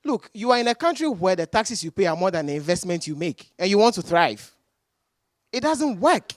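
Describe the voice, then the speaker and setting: Young woman, panel debate, emphatic, swooping lively pitch, dry close sound. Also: moderate pace, no echo. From Ghana. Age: young adult. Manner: emphatic, exasperated, rhetorical questions. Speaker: panel guest.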